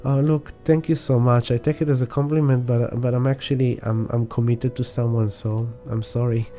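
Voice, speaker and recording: A man's voice: medium pitch, little pitch movement, normal speed, dark tone, faint music behind, natural voice. A man acting out a polite, flustered female model turning down an admirer apologetically.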